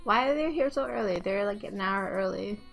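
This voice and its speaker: A young woman giving casual, excitable gameplay commentary at home, swearing often and laughing a lot. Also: mid-range voice, fairly quick, gravelly. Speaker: game streamer. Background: faint game music.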